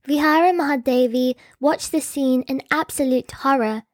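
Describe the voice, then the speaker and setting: Woman storyteller, high pitch, close dry sound, scripted narration with wry asides. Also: normal speed, few pauses, no room sound.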